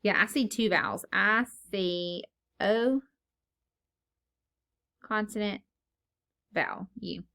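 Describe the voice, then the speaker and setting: A woman's voice: mid-range voice, takes it slowly, creaky, long pauses, bright, forceful tone. A woman teaching a phonics lesson to young children, patiently asking questions and then answering them herself.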